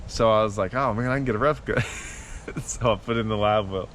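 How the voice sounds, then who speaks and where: Low-voiced man telling a rambling story. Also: a little fast, a bit bright, slight background noise. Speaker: fishing vlogger. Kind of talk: casual storytelling to camera.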